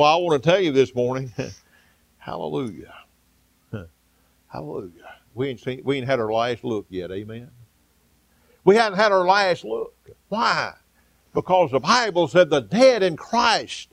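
A male pastor delivering a sermon, building to fervent exclamations and calling out amen and hallelujah, with frequent "uh" pauses. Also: medium pitch, vocal fry, no room sound. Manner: preaching, rising to fervent exclamations with frequent "uh" fillers; calls out amen and hallelujah to the congregation.

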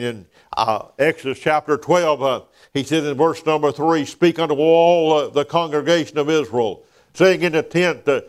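A man preaching a sermon in a church, filling pauses with "uh" and dropping to a near whisper on key words. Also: a little high. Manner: preaching with frequent "uh" fillers, dropping to hushed emphasis.

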